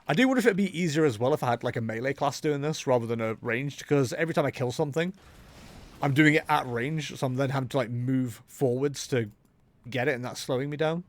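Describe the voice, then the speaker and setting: A young man streaming a game, chatting casually and rambling with jokes as he talks himself into ideas. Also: medium pitch. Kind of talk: casual live-stream chatter while gaming.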